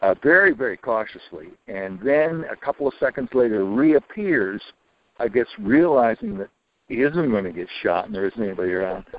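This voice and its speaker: A retired older man telling a long personal story in an interview, rambling with many restarts and dropping into low, muttered asides. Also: vocal fry. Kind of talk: casual storytelling. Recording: dull lo-fi recording.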